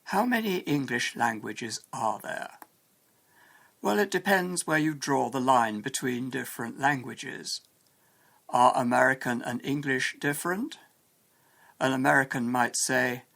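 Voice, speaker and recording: A man narrates a scripted lesson in a steady, explanatory manner. His voice sits at an ordinary middle pitch with a gravelly edge. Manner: measured, explanatory. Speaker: English teacher.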